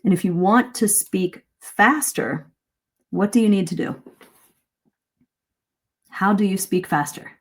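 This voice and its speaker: A middle-aged woman coaching English speaking in a live-streamed lesson, lively and shifting her pace and emphasis to demonstrate. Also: medium pitch, slow pace, pauses often, husky.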